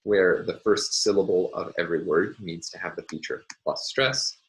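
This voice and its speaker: A man lecturing on phonology in a measured, explanatory way, pausing often with "uh" and "um". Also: deep voice, fairly bright tone, slight background noise, low-quality recording. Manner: measured, explanatory, with frequent "uh" and "um" pauses. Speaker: university lecturer. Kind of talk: recorded academic lecture.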